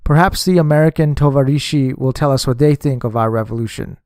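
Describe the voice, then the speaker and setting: A man voicing a quiet but persistent male examining magistrate of the secret police. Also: medium pitch, fast, clear, resonant tone, no room sound, clean studio sound, lightly acted.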